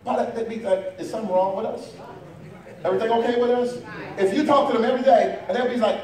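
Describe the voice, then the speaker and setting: High-voiced preacher echoing through a church. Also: male voice, fast talker, a little mellow. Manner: call-and-response preaching, rising and falling. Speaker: pastor. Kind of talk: sermon. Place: church sanctuary. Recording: echoey church from far off with congregation.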